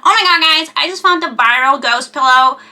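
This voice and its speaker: A woman voicing a gushing young female TikTok shopper with an excited, squealing delivery. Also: high-pitched, brisk, voice pushed up.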